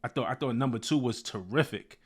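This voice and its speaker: A man's voice: medium pitch, brisk, husky. A man hosting his own show, giving casual commentary on a new music release, talking loosely with many fillers and restarts. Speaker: host.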